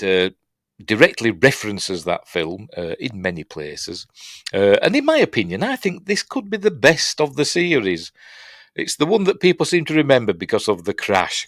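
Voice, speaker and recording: A man's voice: fairly low pitch, very animated, moderate pace, no room sound, studio quality. A man with a Yorkshire accent hosting a casual, rambling film review, chatty and self-mocking with lots of fillers and restarts. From Yorkshire, England.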